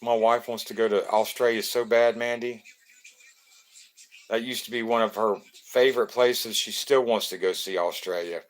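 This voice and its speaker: A man's voice: on the low side, steady tone, normal speed. A man, from Florida, hosting a casual live stream, greeting viewers by name in a loose, joking way.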